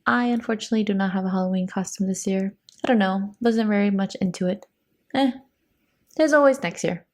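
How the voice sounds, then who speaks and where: A woman's voice: medium pitch, fairly quick. Easygoing young woman podcast co-host. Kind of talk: casual podcast chat.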